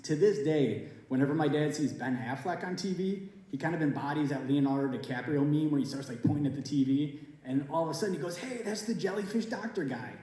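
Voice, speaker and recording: Male teacher, about 40, casual storyteller, warm tone, booming hall reverb. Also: fast talker. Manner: casual, conversational, with many fillers. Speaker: teacher telling a personal story. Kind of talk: storytelling at a school writers event. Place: school auditorium or hall. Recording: very echoey hall.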